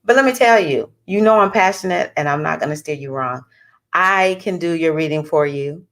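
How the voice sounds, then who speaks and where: A woman astrologer talking casually to her viewers in an animated, chatty way, with bursts of excitement. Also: low voice, normal speed. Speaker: astrologer giving readings. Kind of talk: casual talking-head vlog.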